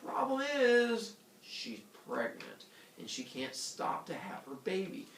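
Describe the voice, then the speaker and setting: Goofy lively male storyteller, roomy sound. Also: sits high, takes it slowly, vocal fry. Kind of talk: comic myth retelling to a live group. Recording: echoey room from a distant mic, faint noise.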